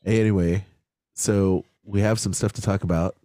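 A man's voice: fairly low pitch, fairly even intonation, moderate pace, mellow, no echo, clean studio sound. A man co-hosting a podcast in casual chat, joking and teasing his co-hosts and breaking into bits of song. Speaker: podcast co-host.

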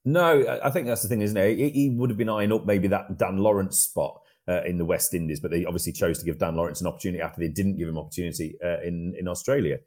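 A man's voice: sits low, fast, few pauses, darkish tone. A man co-hosting a cricket podcast, reflecting in casual chat and drawing on his own playing experience. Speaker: podcast co-host.

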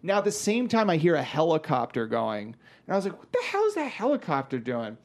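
A man's voice: a little high, wildly swooping pitch, fairly quick. A man in his thirties casually telling a story, acting out voices, swearing and using many fillers. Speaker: podcast guest telling a story. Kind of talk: casual chat.

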